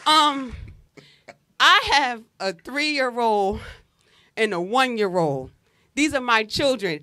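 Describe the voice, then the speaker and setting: A woman in her forties performs a stand-up set, telling animated stories about everyday life. Her voice sits high and bright, and she bursts into loud exclamations now and then. The recording is dry and close, with little room sound. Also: slow pace, dry recording, some chatter behind. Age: 40s. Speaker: stand-up comedian.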